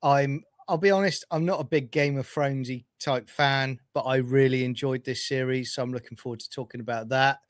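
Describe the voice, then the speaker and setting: A man co-hosting a casual podcast, easygoing and quick to laugh, calling his friend mate and brother. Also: mid-range voice, steady tone, dry recording, studio quality. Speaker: co-host.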